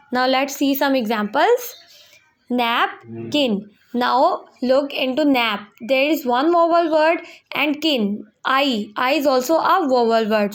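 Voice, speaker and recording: A young woman teaches a school lesson in a high, clear voice. She draws out each example word slowly for the pupils. Her explanations in between come quickly. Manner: slow, drawn-out words for pronunciation practice; switches quickly between English and Hindi explanations. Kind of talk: classroom lesson video.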